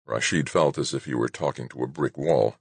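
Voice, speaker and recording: A man narrating an audiobook in a measured, expressive way. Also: rumbling low, creaky, slightly rough, dry recording. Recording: dry close recording.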